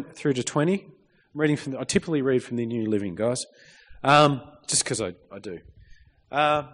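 A man preaching a sermon in a church, reading scripture and calling out for amens from the congregation. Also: a little high. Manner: lively, calls out for amens, reads scripture. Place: church hall. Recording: long reverb of a church hall.

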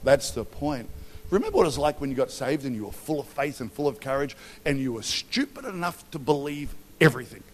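A middle-aged Australian man preaches in a lively, storytelling way, slipping into acted quotes and humour. His voice sits a little high for a man. The sound carries a long reverb from a big hall. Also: fast talker. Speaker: pastor. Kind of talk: sermon.

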